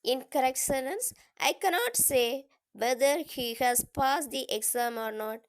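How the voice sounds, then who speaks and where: Woman, teacher reading a lesson, slow and careful, pitched a little high. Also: animated. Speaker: English teacher. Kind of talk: reading a grammar lesson aloud.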